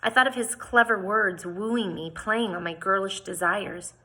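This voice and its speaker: Bright, slightly husky woman reading aloud. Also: mid-range voice, unhurried, low-quality recording. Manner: expressive, lifts her voice for quotes, small slips and restarts. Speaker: reader reading a novel aloud. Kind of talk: informal read-aloud of a novel.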